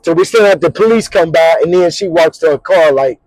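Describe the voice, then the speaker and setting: A middle-aged man hosting his vlog, telling a story casually in an animated, slangy way, repeating words and little sound effects. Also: fairly high pitch, brisk, dry recording, poor audio. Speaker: vlog host.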